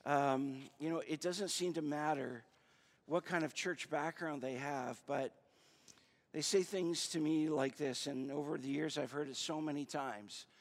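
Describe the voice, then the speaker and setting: A man's voice: on the high side, measured pace. A male pastor preaching a sermon in a conversational, searching way, with frequent fillers and restarts. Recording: long reverb of a large hall.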